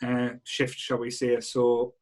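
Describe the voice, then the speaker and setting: A man co-hosting a casual film podcast. He talks at a measured, thoughtful pace, often restarting his sentences and falling back on stock phrases. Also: medium pitch, completely flat delivery, darkish tone, a little hiss or hum. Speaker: podcast co-host.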